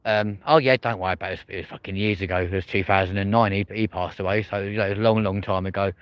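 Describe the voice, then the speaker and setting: A man with a southern English accent rambles through a casual livestream, swearing freely and looping back to the same stock phrases. His voice sits fairly low. The sound is close and dry. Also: steady tone, fast, smooth, no echo. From England. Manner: rambling, swears freely, repeats "but there we go". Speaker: livestream host. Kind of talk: casual live-stream chat. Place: outdoors at night.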